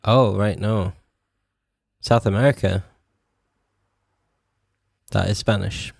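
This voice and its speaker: On a live stream, a young man from northern England chats casually in a slow, creaky, fairly low voice that's a little mellow and mostly even in intonation. His Yorkshire accent carries a slight Scottish and posh mix, and the VTuber rambles, swears, laughs often and uses lots of fillers. The dry recording has a clean studio sound.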